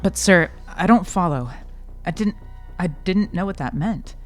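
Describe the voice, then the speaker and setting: A man's voice: high-pitched, a little slow, faint music behind. A man playing a young communications officer in a radio drama, asking his captain questions deferentially. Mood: earnest.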